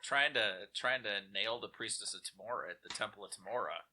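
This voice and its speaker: A man's voice: lowish voice, fairly quick, sharp tone, slight background noise, low-quality recording. A man playing a tabletop game, cocky and boastful. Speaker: player. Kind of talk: casual tabletop game play.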